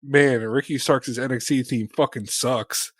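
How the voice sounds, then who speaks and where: A man co-hosting a podcast, joking around in loose, halting banter with frequent restarts. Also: mid-range voice, fairly even intonation, no echo, studio quality. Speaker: podcast co-host.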